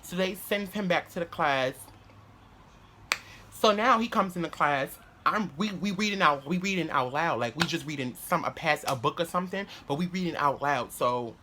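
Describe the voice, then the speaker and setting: A man's voice: fairly high pitch, sharp tone. Man, casual vlog storytelling, rambling, filler-heavy, profane, faint background hiss. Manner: rambling, with frequent "like" fillers, restarts and swearing. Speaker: vlogger.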